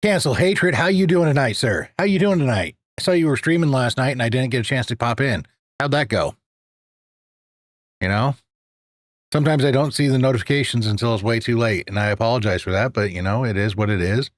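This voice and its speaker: A man's voice: mid-range voice, a little fast, no room sound, clean studio sound. A man hosting a live podcast stream, chatting casually and greeting viewers. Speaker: podcast host.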